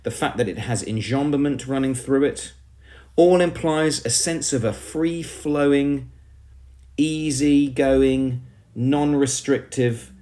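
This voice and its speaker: A man's voice: mid-range voice, warm tone. A male teacher with an English accent giving an emphatic poetry lesson, often calling the class "everybody".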